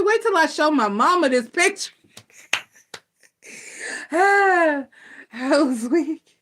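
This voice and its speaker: A middle-aged woman with a slightly high voice runs a live tarot stream. She tells personal stories in a blunt, animated way and talks casually with her viewers. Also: slow pace, pauses often. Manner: animated storytelling, blunt and laughing. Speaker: tarot reader host.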